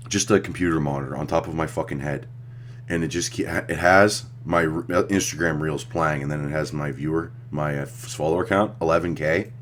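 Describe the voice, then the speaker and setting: A man's voice: very deep voice, a little hiss or hum. A young man giving crude, sarcastic reaction commentary on a clip, rambling and joking.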